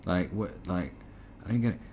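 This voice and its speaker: British guy ranting in disbelief, lots of swearing, low gravelly voice, slight hiss under it. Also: expressive, moderate pace, a little mellow. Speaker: commentary host. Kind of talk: reaction commentary.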